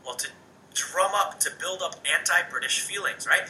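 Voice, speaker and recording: A man teaching a recorded lesson, with a very bright, forceful voice that sits a little high. He talks casually, tossing in "um" and "right?" as he goes. The sound is echoey and a bit distant from the mic. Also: moderate pace, slight background noise. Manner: animated, conversational, many "um"s and "right?". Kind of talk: recorded homework lesson, study guide review.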